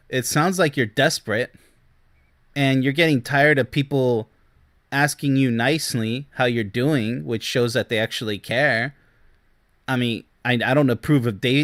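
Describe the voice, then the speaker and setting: A man's voice: mid-range voice, dry recording, studio quality. Chuckling man giving relationship advice. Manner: chuckles often, talks to the viewer directly. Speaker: relationship coach. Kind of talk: commentary on read-out messages.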